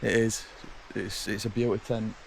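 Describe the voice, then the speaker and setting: A man's voice: fairly low pitch, flat delivery, moderate pace, gravelly, a little hiss or hum. A man telling blunt, chatty stories to camera from a woodland camp outdoors. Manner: chatty, blunt, exasperated anecdotes. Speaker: camping vlogger. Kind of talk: casual storytelling to camera.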